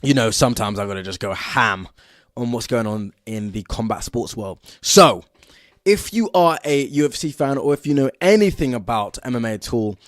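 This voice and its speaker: Excitable young Englishman hosting a podcast. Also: mid-range voice, normal speed, no echo, studio quality. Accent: Southern English. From England. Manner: excitable and energetic, lots of fillers. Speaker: podcast host. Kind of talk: solo podcast monologue.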